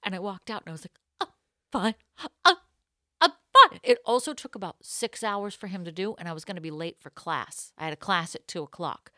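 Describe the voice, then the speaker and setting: A woman co-hosts a casual podcast and tells a self-mocking story with lots of animation. Her voice is bright and sharp at a middling pitch. The recording is dry and close, with no room sound. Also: fast talker, hardly any pauses, no echo. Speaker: podcast co-host.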